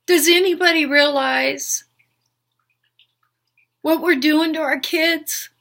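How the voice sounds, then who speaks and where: A woman's voice: high voice, steady tone, slow, fairly bright tone. An older woman speaking an unscripted, heartfelt monologue as a spiritual healer, earnest and pleading, with repeated questions. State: emotional.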